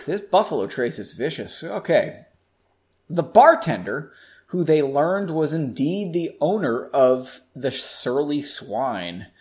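A man reads a fantasy story aloud on his podcast, stopping now and then to joke about the text. His voice is slightly high for a man and very animated, rising and falling freely. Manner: playful, jokes and laughs at the text. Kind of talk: story reading with casual asides.

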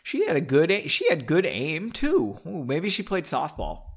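A man's voice: a little high, wildly swooping pitch, normal speed, vocal fry, breathy edge, exaggerated voice. A man reading a wry young mage. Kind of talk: comedic book reading.

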